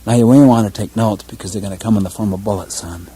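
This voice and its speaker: A man's voice: lowish voice, quick pace, mellow, breathy edge, poor audio. A man giving a leadership lecture, telling a story by acting out his own thoughts and mocking himself. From United States. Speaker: leadership seminar speaker. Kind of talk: lecture with acted-out anecdote.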